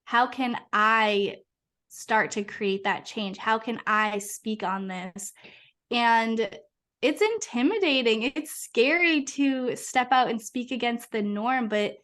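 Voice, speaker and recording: A young woman from Massachusetts, a podcast guest, telling her story in an earnest, animated, casual way. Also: a little high, takes it slowly. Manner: earnest, animated, uses many fillers. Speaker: podcast guest, hypnotherapist and coach.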